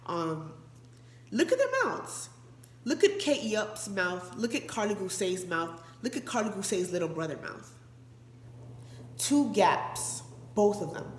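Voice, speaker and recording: A woman's voice: mid-range voice, expressive, a little slow, roomy sound, slight background noise. A woman hosting a casual commentary vlog, talking straight to her viewers and hammering her points home by repeating them. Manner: emphatic and repetitive, addresses viewers directly. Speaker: vlog host.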